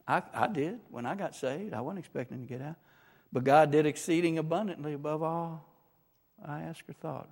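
A man's voice: mid-range voice, creaky, a little mellow. Guy preaching, emphatic, keeps saying right? amen?, big echoey hall. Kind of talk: sermon with personal testimony. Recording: long reverb from a large hall.

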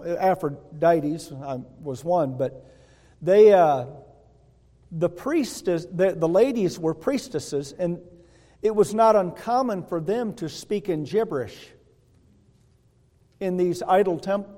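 High-voiced preacher in a reverberant hall. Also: male voice, slow, dark tone. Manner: folksy, asks the congregation "Hello?". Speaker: pastor. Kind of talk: sermon. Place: church sanctuary.

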